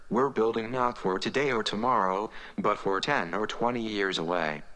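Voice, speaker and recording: Monotone robotic male speech voice. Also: on the low side, low-quality recording. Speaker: conference speaker. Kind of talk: synthesized read speech.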